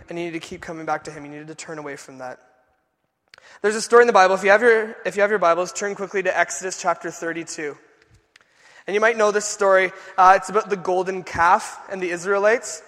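High, bright-voiced young preacher man. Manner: animated, casual retelling with many "like" fillers. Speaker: youth pastor. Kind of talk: sermon. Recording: long echo of a large hall.

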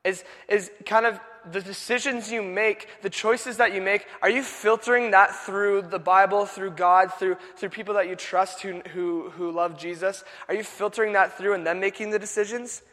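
A young man preaching a sermon, telling the story in a casual, animated way with many filler words. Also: high-pitched, normal speed, few pauses. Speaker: youth pastor. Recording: long echo of a large hall.

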